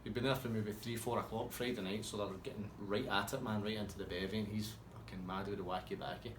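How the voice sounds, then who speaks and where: A man's voice: on the low side, little pitch movement, fast, roomy sound, background noise. A man telling a rambling, swear-heavy anecdote in a casual way. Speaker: storyteller.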